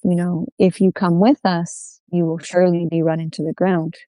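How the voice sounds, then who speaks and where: A woman's voice: lowish voice, little pitch movement, moderate pace, warm tone, dry recording, lightly acted. A woman storyteller voicing a young man who tends horses, speaking earnestly and plainly.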